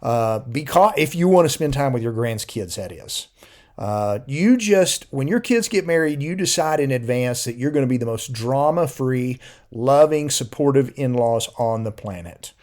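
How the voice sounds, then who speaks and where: A man's voice: medium pitch, expressive, moderate pace, a little mellow. Earnest middle-aged man giving advice. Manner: earnest, encouraging, repeats words as he goes. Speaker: podcast co-host. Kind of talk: casual faith-based marriage advice.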